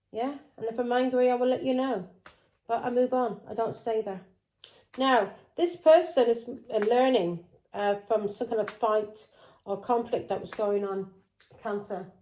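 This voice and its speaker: A woman's voice: mid-range voice, dark tone, low-quality recording. A woman giving a tarot reading in a confrontational, accusing tone who keeps breaking in with "Yeah?". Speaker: tarot reader.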